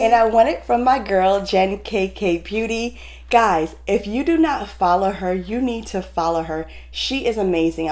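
A woman beauty vlogger talking straight to her viewers in a casual unboxing vlog, gushing and excitable. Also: mid-range voice.

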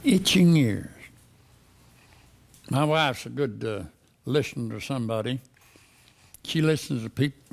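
Male pastor, unhurried and emphatic, gravelly tone. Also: mid-range voice. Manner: slow, emphatic preaching with repeated questions. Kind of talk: sermon.

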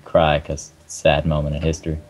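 A man's voice: extremely low pitch, monotone, fast, slight background noise. A young man, hosting a let's play in casual, joking chat, swearing and laughing often. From Canada. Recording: dull lo-fi mic.

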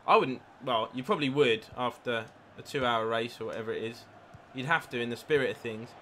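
Man, gaming streamer, excitable live commentary, bright tone, faint background noise. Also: medium pitch, fairly quick. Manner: excitable, swears at the game, reads out followers. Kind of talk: live gameplay commentary with chat.

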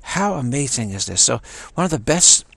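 A man tells a personal story in a casual, unscripted way, often stopping and repeating words. His voice has a gravelly fry, and the sound is dry and close with no room echo. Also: mid-range voice, big pitch swings, a bit bright. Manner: halting, stumbles and repeats words.

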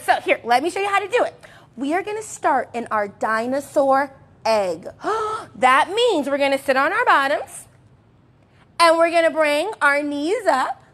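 A young woman with a high voice leads a sing-song music and movement class for toddlers. She sounds bubbly and encouraging, punctuating her words with excited gasps.

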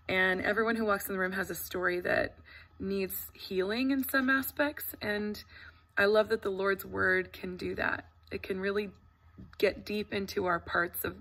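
A woman's voice: a little high, pushed and bright. A woman teacher speaking to parents in an empty classroom, earnest and effusive, with many fillers and restarts. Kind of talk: casual welcome talk to parents.

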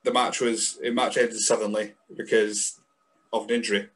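A man's voice: lowish voice, little pitch movement, moderate pace, fairly bright tone. A man from Scotland hosting a podcast interview, asking rambling questions full of restarts. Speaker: podcast host. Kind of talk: casual interview.

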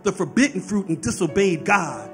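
Impassioned high-voiced male preacher. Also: sing-song, normal speed, faint music behind. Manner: preaching with rising fervor, frequent "right?" asides. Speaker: pastor. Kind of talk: sermon.

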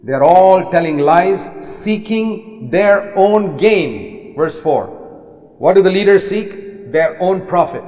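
A man's voice: sits high, animated, slow, darkish tone. An older man preaching a sermon with emphatic delivery, hammering key words through repetition. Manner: emphatic, repeats key words with rising force. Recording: long hall reverb.

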